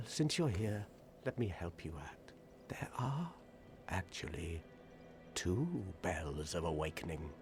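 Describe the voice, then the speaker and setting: An actor playing a gloomy, sardonic undead warrior in a video game, with a depressing monotone delivery that is cynical and world-weary. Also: male voice, deep voice, creaky, full character voice. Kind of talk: video game character dialogue. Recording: game audio with steady background noise.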